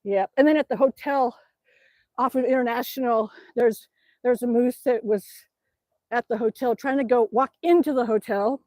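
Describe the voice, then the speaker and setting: A woman from Alaska hosting a casual livestream, reading chat aloud, laughing often and cooing softly to her dog. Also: a little high, dry recording.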